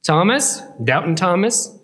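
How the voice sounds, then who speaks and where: A man telling a playful story as a children's Bible lesson, with a lively, chuckling delivery. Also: high voice, unhurried.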